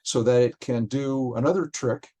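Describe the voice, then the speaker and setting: A man, a software developer, explains technical details in conversation, often stopping and restarting his phrases. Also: mid-range voice. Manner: halting, frequent restarts while explaining.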